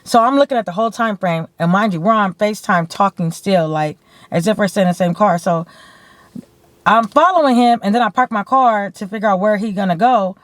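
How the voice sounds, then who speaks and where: A woman from California telling a story to her camera in a blunt, animated way, swearing freely and saying "like" often. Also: medium pitch, a little fast, dry recording. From San Bernardino, California. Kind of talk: casual storytime. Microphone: camera mic.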